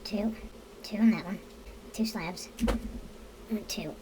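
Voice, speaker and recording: A woman's voice: mid-range voice, slow pace, noisy background. A woman narrating a casual building tutorial, counting blocks aloud to viewers and swearing under her breath when pieces don't line up. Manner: addresses viewers directly. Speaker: game building tutorial host.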